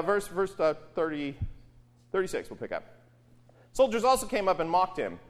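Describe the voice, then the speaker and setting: A male pastor with a high-sitting voice delivers an animated sermon, throwing rhetorical questions at the congregation. The large hall he's in gives the recording a long reverb.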